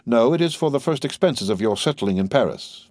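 A man's voice: mid-range voice, expressive, a little fast, a little mellow, dry recording, studio quality, close to an everyday voice. A man voicing a composed, authoritative count in an audiobook, courteous and cool. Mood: commanding, courteous.

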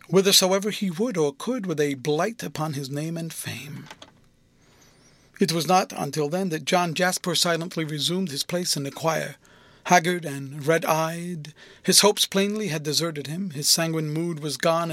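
A man narrating a classic novel in an audiobook, reading in a measured, formal way. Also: on the high side, a bit bright, no echo.

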